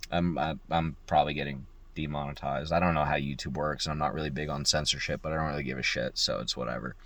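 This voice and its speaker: A young locksmith tells a work story in a casual, profane, animated way, mimicking the voices of the people he quotes. His voice is extremely low in pitch, and he speaks fast.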